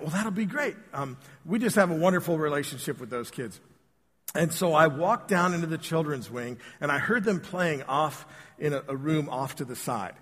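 A man's voice: on the high side, a bit bright. Man preaching in a reverberant church. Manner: casual, joking, addresses the congregation directly. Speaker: pastor. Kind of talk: conversational sermon with storytelling. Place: church sanctuary.

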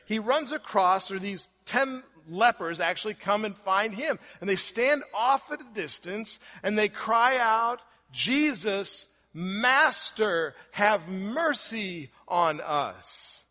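Male pastor, conversational sermon delivery, bright tone, recorded in a church with long echo. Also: high voice. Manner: conversational preaching with rhetorical questions. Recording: long hall reverb.

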